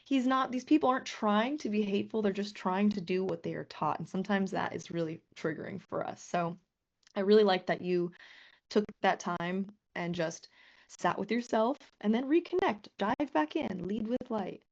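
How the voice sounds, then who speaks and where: A woman business coach teaching a live online class, earnest and lively, often swearing and acting out quoted messages. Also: medium pitch, moderate pace, creaky, dull audio.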